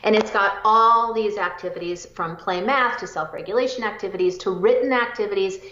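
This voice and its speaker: Eager woman psychologist, roomy lo-fi audio. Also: mid-range voice. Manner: energetic, eager, rapid bursts. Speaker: psychologist guest. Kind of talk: interview answers.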